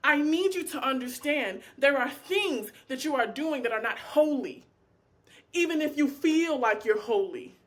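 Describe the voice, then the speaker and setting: A woman's voice: sits high, a little slow. A woman leading an informal Bible study, speaking with passion, acting out prayers and dialogue, and talking to her listeners in a casual, familiar way. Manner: impassioned, animated, acts out prayers and dialogue; colloquial, addresses listeners as y'all. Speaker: Bible teacher.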